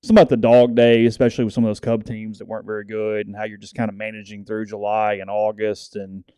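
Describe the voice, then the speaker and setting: Low-voiced Southern man telling sports stories. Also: little pitch movement, fast talker, warm tone, smooth, no room sound. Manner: rambling storyteller, acts out quotes. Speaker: podcast co-host. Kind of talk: casual sports chat.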